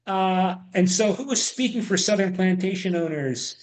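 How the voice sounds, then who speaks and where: A man's voice: sits high, normal speed, few pauses. A man giving an online history lecture, rambling with frequent restarts and repeated words. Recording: echoey room.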